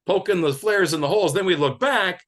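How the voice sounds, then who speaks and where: A man from Detroit doing a rambling stand-up set, animated and laughing at his own jokes. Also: high voice, brisk. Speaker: stand-up comedian.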